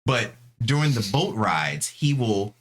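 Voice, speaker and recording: A man's voice: medium pitch, big pitch swings, slow pace. A man co-hosting a podcast in casual, enthusiastic chat. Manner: enthusiastic, agreeing interjections. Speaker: podcast co-host.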